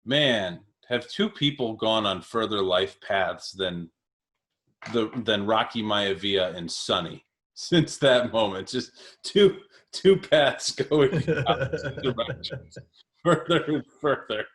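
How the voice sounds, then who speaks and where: A man's voice: on the low side, lively intonation, takes it slowly, fairly bright tone. A man in his thirties co-hosting a podcast, chatting casually and animatedly, laughing often and leaning on fillers. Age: 30s. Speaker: podcast co-host. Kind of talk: casual chat.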